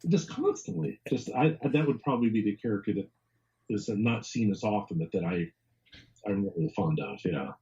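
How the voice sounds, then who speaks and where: A man's voice: on the low side, lively intonation, normal speed, dark tone, muffled recording. A man being interviewed as an author and historian, talking casually, rambling, repeating words and chuckling often.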